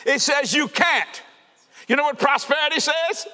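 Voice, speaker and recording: A man preaching a fervent sermon to a congregation, shouting and laughing as he goes. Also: very high-pitched, normal speed. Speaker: pastor. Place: church sanctuary. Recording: reverberant church hall.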